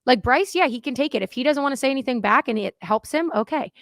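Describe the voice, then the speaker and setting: A high-pitched woman argues baseball on a podcast, pressing her point again and again. Her voice sounds dry and close, with no room around it. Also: expressive, quick pace, fairly bright tone, dry recording. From Philadelphia. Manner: emphatic, argumentative, repeats "that's my thing". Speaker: podcast co-host. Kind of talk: casual sports chat.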